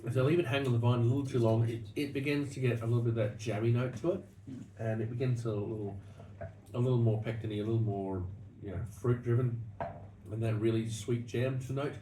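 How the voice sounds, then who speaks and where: A man's voice: mid-range voice, steady tone, quick pace, mellow. Australian man, distant and echoey. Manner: rambling storyteller with many restarts. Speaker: wine show host. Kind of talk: casual wine-tasting chat. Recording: echoey room, distant mic, noisy.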